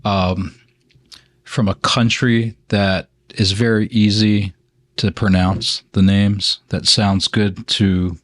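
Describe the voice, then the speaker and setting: A wry man co-hosting a car podcast, with a low voice recorded dry and close. He muses aloud and often stops to restart his sentences. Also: level tone, no echo. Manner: wry, musing, talks in halting restarts. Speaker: podcast co-host. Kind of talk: casual car podcast chat.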